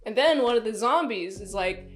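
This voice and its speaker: A woman casually reviewing a movie, recapping it in an animated, exclaiming, chatty way. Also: a little high, moderate pace, faint music behind.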